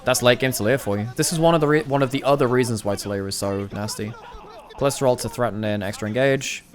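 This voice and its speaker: A man's voice: medium pitch, fast talker. A man giving a casual, thinking-aloud commentary review of a recorded esports match, restarting phrases as he analyzes plays.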